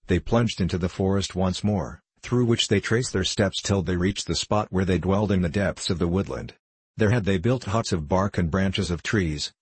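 A man reading a storybook aloud in a measured, even manner. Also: low-pitched, breathy edge, dry recording. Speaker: audiobook narrator.

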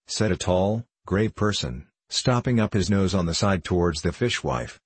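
Deep husky male audiobook narrator. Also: lively intonation, normal speed, few pauses, dry recording.

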